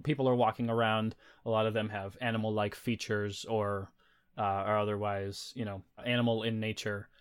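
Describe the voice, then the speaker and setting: A man's voice: fairly low pitch, moderate pace, smooth. Man running a tabletop game. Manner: relaxed, filler-laden narration. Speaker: game master.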